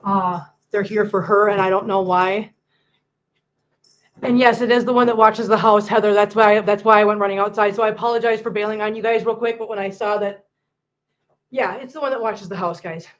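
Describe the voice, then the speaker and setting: Woman rambling on a cat live stream, mid-pitched, repeats herself a lot. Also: steady tone, brisk, low-quality recording. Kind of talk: casual live-stream chat.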